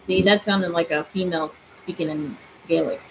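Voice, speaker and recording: A woman's voice: lowish voice, steady tone, moderate pace, a little hiss or hum, poor audio. Chatty young woman talking to spirits. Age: 20s. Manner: chatty, asks spirits questions aloud. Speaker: paranormal streamer. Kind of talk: casual live-stream chat. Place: bedroom.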